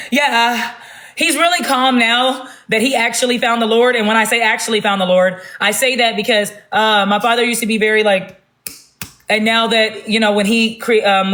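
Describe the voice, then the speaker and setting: A woman talking loudly and bluntly in a casual livestream rant on her phone. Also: mid-range voice. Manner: loud, blunt and emphatic.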